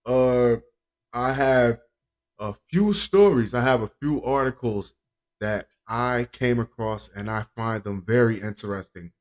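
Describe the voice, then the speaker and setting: A man hosting a podcast in casual chat, rambling and joking with frequent chuckles. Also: medium pitch. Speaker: podcast host.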